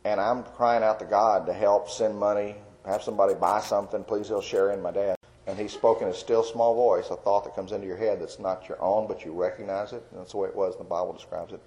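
A man giving an earnest, rambling personal testimony as a Christian artist, with fillers and soft laughs. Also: on the low side, fairly even intonation, fairly quick, poor audio.

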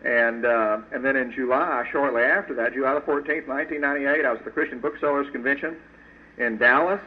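A man's voice: medium pitch, brisk. A man, a sculptor, telling an audience his faith testimony in an earnest, folksy storytelling way. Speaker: Christian sculptor giving a testimony. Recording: tinny phone-like radio audio.

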